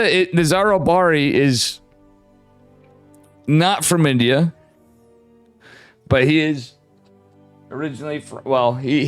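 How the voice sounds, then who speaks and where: A man's voice: medium pitch, clean tone, no room sound. A tipsy man hosting a game stream, rambling through casual banter with lots of swearing. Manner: rambling, swearing, laughing often.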